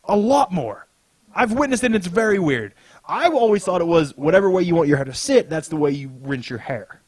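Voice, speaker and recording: A man's voice: high voice, animated, fairly quick, dry recording. A young man hosting a podcast, telling a story in casual chat, swearing a lot and laughing as he goes. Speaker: podcast host.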